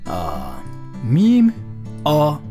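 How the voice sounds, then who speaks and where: A man's voice: fairly high pitch, wildly swooping pitch, extremely slow, dark tone, soft background music. A man casually reading out donations on a live stream, rambling and joking in a playfully awkward way.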